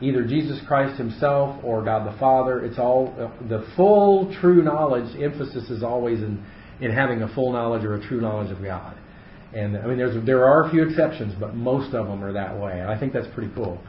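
A man's voice: medium pitch, slight background noise. A man leading a casual Bible study for a small group, thinking aloud with frequent fillers and restarts. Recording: echoey room, muffled audio.

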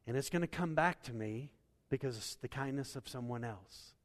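A man preaching a sermon as pastor, swinging from loud emphatic bursts to hushed endings. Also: medium pitch, normal speed, long reverb tail.

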